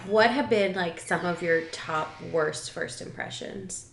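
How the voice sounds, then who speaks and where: A woman's voice: on the low side, unhurried, creaky, a little hiss or hum. A young woman co-hosting a podcast, chatting casually in an easygoing, agreeable way. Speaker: podcast co-host. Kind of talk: casual chat. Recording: echoey room.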